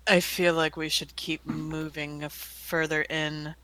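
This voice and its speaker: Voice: mid-range voice, little pitch movement, takes it slowly, bright, forceful tone. A player in a tabletop game chatting casually and asking direct questions. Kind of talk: casual play chat.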